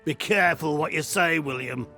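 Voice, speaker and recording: A man's voice: fairly high pitch, moderate pace, gravelly, bright, forceful tone, soft background music. A man voicing a pompous, short-tempered heavyset man in a video game, blustering and indignant.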